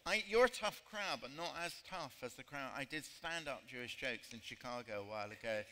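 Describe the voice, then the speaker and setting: A man's voice: mid-range voice, animated, brisk, sharp tone, slight background noise. A man speaking at a literary festival, telling jokes in a rambling, self-deprecating way. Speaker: author and festival guest. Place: festival stage. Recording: hall reverb, faint ambience.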